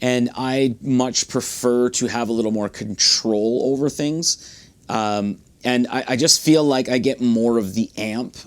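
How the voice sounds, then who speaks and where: Male guitar reviewer, casual rambling delivery, lots of ums, mid-pitched voice, studio mic. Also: measured pace. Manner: relaxed, rambling with frequent fillers and restarts. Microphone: studio condenser mic.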